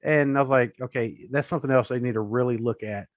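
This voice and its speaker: A man's voice: mid-range voice, fast, dry recording. A man, co-hosting a wrestling podcast in a rambling, chatty, joking way. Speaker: podcast co-host. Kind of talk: casual chat. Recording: dull lo-fi podcast audio, dry.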